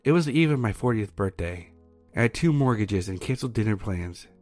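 A man with a fairly low voice reads a first-person horror story in a steady, measured way. Soft music plays faintly under his scripted narration.

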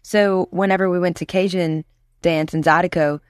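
A woman in her thirties from Louisiana, talking as an interview guest. Her voice sits on the low side, and the sound is dry and close. She tells stories with energy and puts on the voices of the people she quotes. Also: moderate pace, clean tone, no echo. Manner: animated storyteller, acts out quoted voices. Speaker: guest musician. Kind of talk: casual interview chat.

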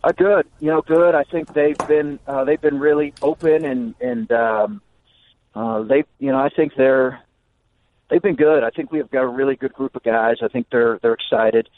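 Man speaking haltingly over a phone line. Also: mid-range voice. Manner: halting, earnest, many fillers and restarts. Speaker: basketball coach, guest. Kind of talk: phone-in radio interview. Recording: tinny phone line on a radio broadcast.

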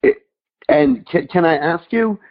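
A man's voice: fairly high pitch, expressive, unhurried, muffled recording. A man hosting a podcast interview, asking enthusiastic, rambling questions. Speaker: podcast host.

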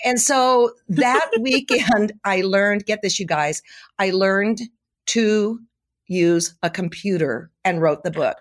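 A woman's voice: medium pitch, unhurried. A middle-aged woman, a quilting author, chatting as a guest and telling stories with frequent laughs. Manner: animated, laughing storyteller. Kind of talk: casual storytelling chat.

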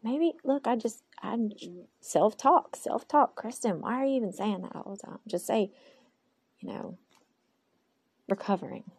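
A woman's voice: fairly high pitch, normal speed, warm tone, slightly rough, dry recording. A woman hosting a personal podcast monologue into a phone, candid and rambling, often talking to herself aloud and speaking of her faith in God. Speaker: podcast host.

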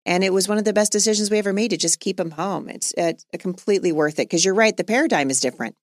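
A woman's voice: medium pitch, fast, dry recording, studio quality. A middle-aged woman hosting a podcast, talking earnestly and conversationally and laughing easily. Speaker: podcast host.

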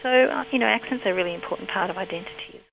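A woman researcher explains her field in a measured, academic way. The recording is muffled and lo-fi. A faint hum runs underneath. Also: mid-range voice, gravelly, a bit bright. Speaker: linguistics researcher. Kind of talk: explanatory interview answers.

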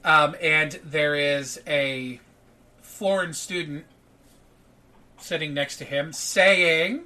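A man narrating as game master of a tabletop role-playing game, breaking into loud shouted character lines. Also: fairly high pitch, steady tone, extremely slow.

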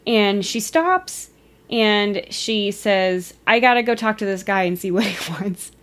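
A woman's voice: mid-range voice, unhurried, fairly bright tone. A woman retelling a story in a casual, chatty way, giggling and sometimes losing her place. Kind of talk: casual storytelling of a ghost encounter.

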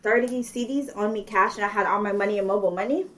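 A young woman chatting casually, telling an animated story with lots of filler words. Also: mid-range voice, fast. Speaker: guest telling a travel story. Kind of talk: casual chat.

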